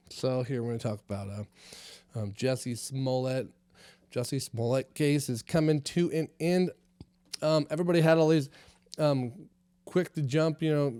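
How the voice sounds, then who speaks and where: Brief: casual, profane male podcast host, mid-pitched, loose and rambling, dry close recording. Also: warm tone, dry recording. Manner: rambling and profane, many fillers. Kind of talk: casual comedy podcast monologue.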